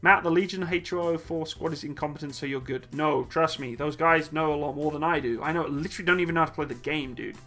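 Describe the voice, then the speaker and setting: Reading viewers' questions aloud on a casual live Q&A stream, a man keeps things jokey and easygoing and laughs easily. His voice is a little high and sharp, fast with few pauses, over faint upbeat music.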